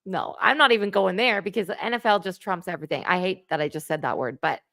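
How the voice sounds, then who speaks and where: A woman's voice: on the low side, fast talker, fairly bright tone, dry recording, clean studio sound. A woman, chatting on a livestream, enthusiastic and talkative, laughing often. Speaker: guest co-host. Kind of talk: livestream chat.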